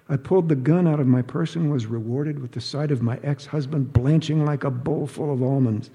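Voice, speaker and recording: A man reads a story aloud with dry, wry timing. His voice is husky and mellow. A long reverb trails off behind him as if in a hall. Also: medium pitch, fairly quick, few pauses. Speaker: narrator. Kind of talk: audiobook narration.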